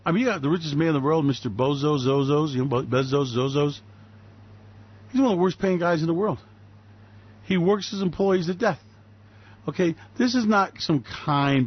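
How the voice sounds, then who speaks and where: A high-voiced man rants at his listeners, angry, sarcastic and full of swearing. His voice comes through a dull, lo-fi web radio recording. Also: animated, normal speed. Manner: angry, profane, sarcastic ranting. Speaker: radio show host. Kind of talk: ranting political commentary.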